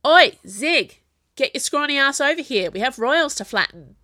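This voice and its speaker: A blunt young soldier woman who speaks in a flat, deadpan way, voiced by a woman narrating a story. The sound is dry and close. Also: a little high, measured pace, no echo. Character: blunt young female corporal.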